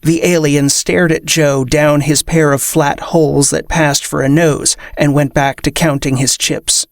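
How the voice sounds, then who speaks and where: Gravelly story narrator. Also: medium pitch, measured pace, no room sound, studio quality. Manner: even storytelling, voices characters. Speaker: story reader. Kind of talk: scripted fiction narration.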